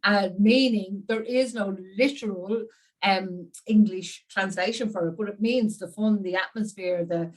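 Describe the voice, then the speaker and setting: An Irish woman hosting an interview, enthusiastic and animated, often breaking into laughter. Her voice sits a little away from the microphone. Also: mid-range voice, measured pace, recorded from a distance, rough recording. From Ireland. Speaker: interview host. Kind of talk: conversational interview.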